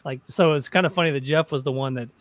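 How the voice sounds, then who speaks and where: A man's voice: medium pitch, quick pace. A man from a band telling a rehearsal anecdote in a chatty, casual way. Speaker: band member, guest. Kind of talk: casual chat.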